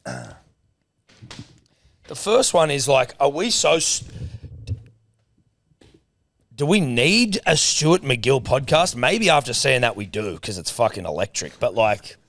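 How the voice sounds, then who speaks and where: A man's voice: mid-range voice, sing-song, measured pace, fairly bright tone. A man with an Australian accent co-hosting a casual sports podcast, swearing freely and acting out quotes as he tells stories. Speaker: podcast co-host.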